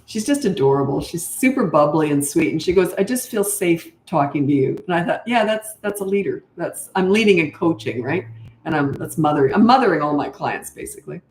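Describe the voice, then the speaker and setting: A woman's voice: deep voice, animated, a little fast, slight background noise. An older woman, a parenting coach, answering interview questions in a frank, chatty way and laughing easily. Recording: roomy echo.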